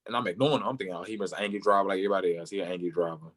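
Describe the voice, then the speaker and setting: A young man, a football player, telling his story in an interview and acting out the people he quotes, sometimes jumping way up in pitch for their lines. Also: fairly even intonation, very fast, a bit bright. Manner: acts out quoted voices, jumping high for other people.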